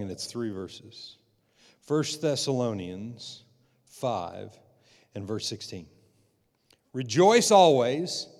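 A man preaching a sermon as pastor, repeating phrases and calling out for amens. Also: mid-range voice. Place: church sanctuary. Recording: long hall reverb.

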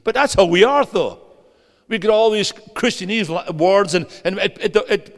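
A man preaching a sermon as a guest preacher, animated, swinging between loud and hushed and putting questions to the audience. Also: sits high, normal speed. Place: church hall. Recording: long hall reverb.

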